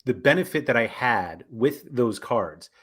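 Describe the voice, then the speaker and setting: A man hosting a podcast in an easygoing, unscripted chat, his voice sitting at a middle pitch. He rambles and keeps correcting himself as he goes. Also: animated, measured pace, a bit bright, breathy edge. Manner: rambling, self-correcting, frequent fillers. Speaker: podcast host.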